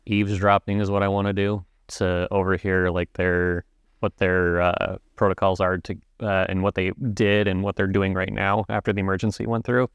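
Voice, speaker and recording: Hesitant low-voiced man, smooth tone. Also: level tone, normal speed, dry recording, lo-fi sound. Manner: hesitant, many uhs and likes. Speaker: player.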